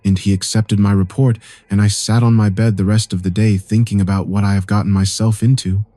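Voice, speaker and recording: A man narrating a first-person horror story in a calm, steady telling. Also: on the low side, fairly quick, no room sound.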